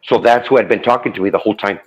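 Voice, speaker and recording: A man's voice: lowish voice, very fast. A man casually retelling a true ghost story, relaying the dialogue with lots of "I go" and "he goes.". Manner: loose retelling full of "I go" and "he goes". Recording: dull lo-fi audio.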